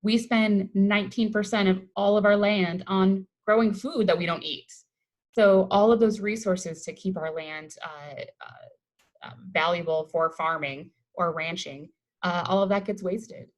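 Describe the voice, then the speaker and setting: A woman's voice: medium pitch, steady tone, unhurried, rough recording. A woman from Colorado, a waste-reduction educator, giving an upbeat, conversational webinar presentation over a video call. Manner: upbeat, conversational, enthusiastic about the topic.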